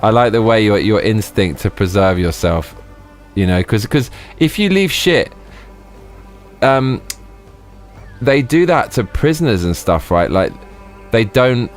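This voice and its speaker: Deep voice, profane, excitable, laughing, casual game-stream chat, faint music. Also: male voice, a little slow. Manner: profane, exclamatory, laughs often. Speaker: live streamer. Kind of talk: casual gameplay live-stream commentary.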